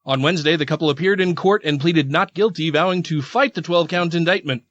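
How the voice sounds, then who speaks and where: A man's voice: a little high, fast, a bit bright, dry recording. A man co-hosting a casual podcast, reading news articles aloud and adding wry asides. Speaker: podcast co-host. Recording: dry, dull lo-fi podcast audio.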